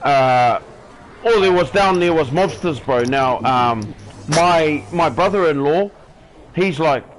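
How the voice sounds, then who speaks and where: A man's voice: fairly high pitch, slow, a little hiss or hum, rough recording. A young man with a New Zealand accent telling a story in casual chat, calling the listener "bro" all the time and acting out the voices of the people he talks about. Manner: relaxed, says "bro" constantly, acts out quoted voices.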